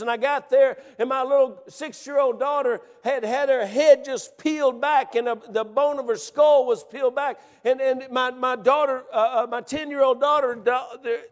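A man delivers a sermon in a strikingly high voice, recounting a story with mounting feeling that breaks into shouts. His words ring out through a long, reverberant hall. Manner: emotional storytelling, rising to shouts. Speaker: preacher.

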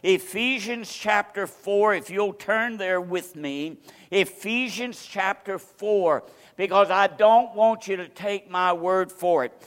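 Preaching man with high, echoing voice. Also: clean tone. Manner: storytelling with acted-out quotes, dynamic swings from loud to hushed. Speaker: pastor. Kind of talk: sermon. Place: church sanctuary.

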